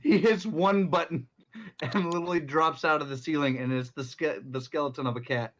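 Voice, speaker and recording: A man's voice: a little high, fairly quick, fairly bright tone, slight background noise. A man narrating as game master of an online tabletop game, stammering and laughing as he describes the scene.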